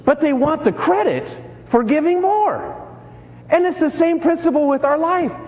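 A male pastor preaching with a high, very lively voice that swings up and down as he acts out each character. His sermon rings through a large church hall with a long reverb. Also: moderate pace. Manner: animated storytelling, acts out characters.

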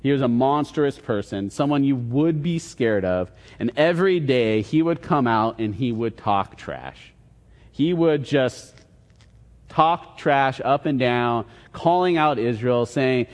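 Speaking slowly and expressively at medium pitch, a man retells a Bible story in an easygoing sermon, voicing the dialogue as quotes. The large church hall gives the recording a long reverb.

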